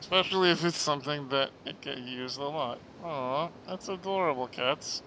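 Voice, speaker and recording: A man streaming a game and chatting with viewers, joking and self-mocking, often clearing his throat. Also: on the high side, moderate pace, few pauses, noisy background. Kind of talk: casual chat reading out stream chat.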